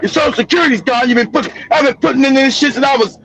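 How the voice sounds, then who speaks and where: A man's voice: extremely high pitch, racing, a bit bright, breathy edge, poor audio. A middle-aged man giving heated, profane commentary on a livestream, swearing freely and laughing at his own jokes.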